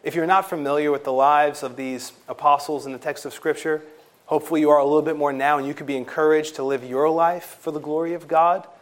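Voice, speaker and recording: A pastor preaching a sermon in a church, earnest and emphatic, with some fillers and rising intensity on key points. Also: male voice, on the high side, steady tone, quick pace.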